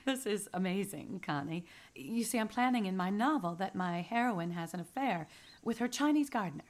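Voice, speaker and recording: An actress playing a polite, eager novelist who interviews people for a book in a radio drama. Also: female voice, medium pitch, animated, normal speed, lightly acted. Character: eager young woman novelist researching expats.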